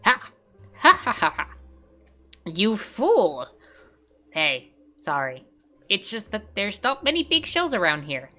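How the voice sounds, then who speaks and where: A woman's voice: mid-range voice, big pitch swings, unhurried, faint music behind. A woman voicing a small, fussy creature that guards its shells, speaking in dramatic, defensive outbursts while reading a game's lines. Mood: smug. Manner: dramatic, defensive, bursts of loud alarm.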